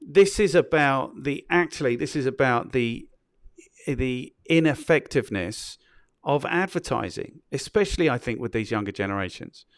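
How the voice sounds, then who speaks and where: Smooth-voiced man, opinionated podcast host. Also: mid-range voice, animated, moderate pace. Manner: conversational, opinionated, often checks in with the listener. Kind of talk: casual podcast discussion.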